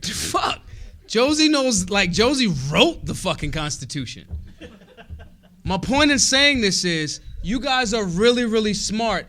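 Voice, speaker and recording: A man giving a rousing political speech at a convention, emphatic and profane, swinging between shouted lines and low asides. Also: big pitch swings, a little slow. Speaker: convention speaker. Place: convention hall.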